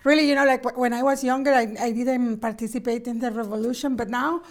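High-voiced animated comedian woman. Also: fast. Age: middle-aged. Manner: animated, rambling, laughs often. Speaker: comedian guest. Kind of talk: casual comedic chat.

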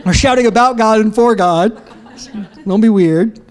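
A man preaching a sermon to a church congregation, energetic and joking, breaking into shouted praise. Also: sits high, normal speed. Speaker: pastor. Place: church sanctuary.

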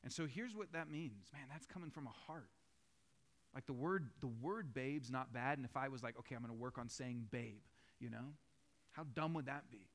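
A man in his thirties preaches a sermon in a church, mid-range pitch. He talks loosely and conversationally, telling stories and building up with animated, repeated questions. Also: normal speed. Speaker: pastor.

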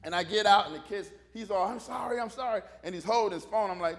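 A man's voice: sits high, quick pace. A middle-aged male pastor, preaching a folksy sermon full of stories and calls for amens. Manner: folksy storytelling with call-and-response.

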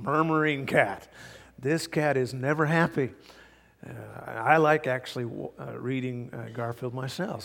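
An older man preaching a sermon as pastor, earnest and emphatic, sometimes dropping to soft asides. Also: medium pitch, creaky. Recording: long reverb of a large hall.

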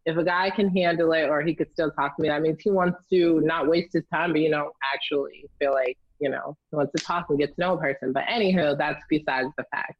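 A woman's voice: deep voice, brisk, few pauses, dry recording. Young woman, candid and profane storyteller, dry slightly dull podcast sound. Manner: blunt, candid and profane, lively animated retelling. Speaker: storyteller guest. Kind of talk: casual storytelling chat.

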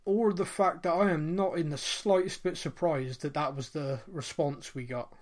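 A man's voice: a little high, normal speed. A man in his late thirties, co-hosting a podcast and telling a personal story in an earnest, reflective way, with many fillers and restarts. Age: 30s. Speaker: podcast co-host. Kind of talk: casual podcast chat.

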